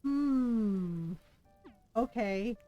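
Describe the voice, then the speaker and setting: A woman streamer with a slightly high voice talks at an unhurried pace, musing over choices as she plays. She giggles often and fills pauses with ums and likes, with faint music playing behind her. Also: expressive, highs cut off. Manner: chatty, giggly, thinks aloud with many fillers. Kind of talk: casual gameplay commentary.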